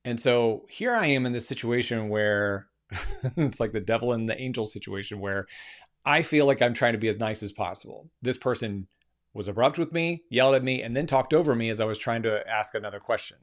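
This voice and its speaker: A man's voice: medium pitch, brisk. Earnest man telling a live story. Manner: earnest, emphatic, frequent restarts. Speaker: keynote speaker and executive coach.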